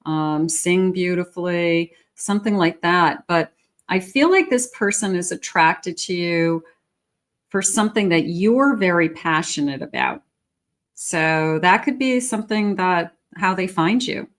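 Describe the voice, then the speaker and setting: A woman's voice: lowish voice, measured pace. A woman reading tarot cards for her viewers in a casual, chatty way, often repeating herself and laughing lightly. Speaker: tarot reader.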